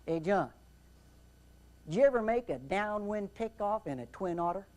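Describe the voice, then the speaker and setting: A man voicing a scrawny, cocky male airline captain with a Southern US drawl and a slow, daring way of talking. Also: high voice, animated, a little mellow. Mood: sly drawling.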